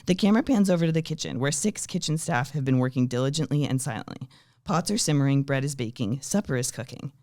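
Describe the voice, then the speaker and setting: Man reading out a comedy script, deadpan, voice goes up and down a lot, dry close mic. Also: medium pitch, fast talker, dry recording. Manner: deadpan reading of stage directions, breaking into laughter. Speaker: script reader. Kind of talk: comedic table read.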